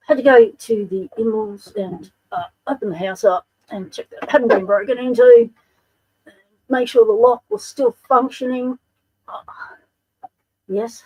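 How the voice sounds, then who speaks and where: A woman's voice: on the high side, a little slow, a little mellow, slightly rough, rough recording. A woman with an Australian accent hosting a casual livestream, chatting and greeting viewers by name. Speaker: livestream host.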